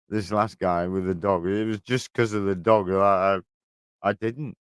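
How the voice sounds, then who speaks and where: A man's voice: fairly low pitch, steady tone, slow, smooth, no room sound. A man, chatting casually on a livestream from his shed, telling rambling stories full of swearing. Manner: rambling storytelling, heavy swearing. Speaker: livestream host. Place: garden shed.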